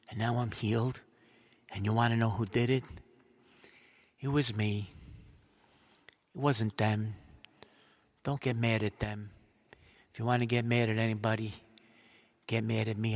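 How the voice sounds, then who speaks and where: A man acting out a humbled woman quietly confessing that she touched a healer, in a soft, earnest, halting way. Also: on the low side.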